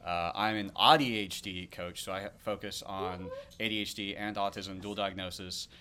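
A man with a fairly low voice introduces himself in a plain, steady way. Faint room ambience sits behind him. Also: normal speed, slight background noise. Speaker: ADHD coach. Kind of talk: self-introduction in casual chat.

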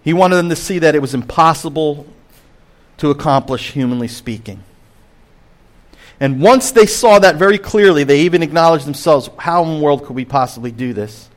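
A middle-aged pastor preaching a sermon in a slightly high voice. He moves between emphatic, lifted phrases and quiet, lowered ones. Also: moderate pace. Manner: expressive, swings between emphatic and hushed.

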